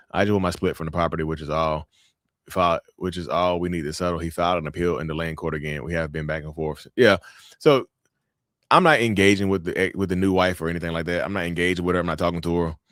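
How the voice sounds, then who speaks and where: A man's voice: low-pitched, a bit bright, no room sound, studio quality. A man chatting casually on a livestream, reacting to viewer comments in a blunt, emphatic way that repeats phrases for effect.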